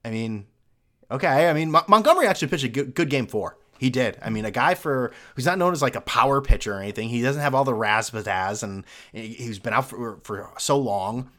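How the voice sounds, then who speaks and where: A man's voice: medium pitch, animated, fairly quick, fairly bright tone. A young man hosting a solo sports podcast, ranting in a sarcastic, mocking way. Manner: sarcastic, mocking, with mimicked fan voices. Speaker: podcast host.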